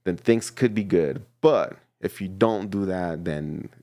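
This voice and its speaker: A man giving a casual, playful tarot reading to his viewers, chatty and quick to laugh. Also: low-pitched, mellow, no echo. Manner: chatty and playful, laughs often, repeats himself. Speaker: tarot reader.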